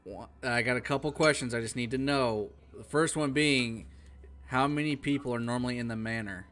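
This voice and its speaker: A man's voice: mid-range voice, fairly quick, fairly bright tone. A man with a mid-range voice, speaking as a player in a tabletop game. His manner is plain and matter-of-fact, with casual phrasing.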